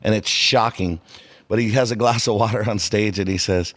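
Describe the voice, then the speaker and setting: A man co-hosting a podcast in casual chat, telling stories animatedly, with his pitch rising and dropping sharply. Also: moderate pace. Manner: animated storyteller, swinging pitch. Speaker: podcast co-host.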